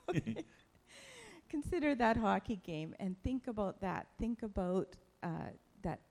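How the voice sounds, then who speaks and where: A woman giving a lively, playful church talk, animated and quick to poke fun at herself. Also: medium pitch, gravelly. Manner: playful, self-mocking, animated. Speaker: church speaker.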